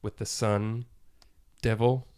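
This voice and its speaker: A man's voice: fairly low pitch, little pitch movement, slow, a little mellow, clear, resonant tone. A man hosting a podcast in a goofy, riffing way, full of silly jokes and bits. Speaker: podcast host. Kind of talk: casual chat. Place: recording studio.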